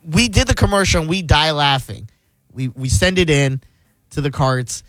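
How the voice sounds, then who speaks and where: A man's voice: on the high side, expressive, normal speed, a bit bright, dry recording. A man hosting a radio show, telling a story in casual banter and laughing often.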